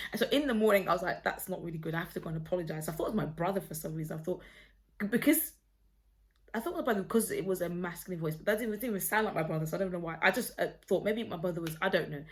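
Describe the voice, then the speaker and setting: A woman's voice: fairly low pitch, fast. A woman telling a personal faith story to her phone camera at home, earnest and rambling, with many restarts. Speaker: vlogger sharing a personal testimony.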